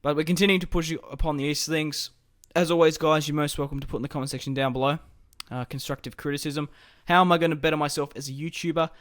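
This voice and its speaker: A man's voice: fairly high pitch, steady tone, fast talker, hardly any pauses, a bit bright, no room sound, studio quality. Man casually talking through a strategy game. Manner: casual, thinking aloud while playing. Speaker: gaming YouTuber.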